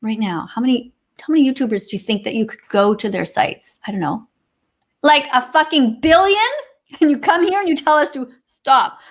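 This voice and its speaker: Speaking at a moderate pace with lively intonation, this high-pitched woman is a Canadian livestream co-host on a video call. She reads out comments from the chat and answers them sarcastically, swearing now and then.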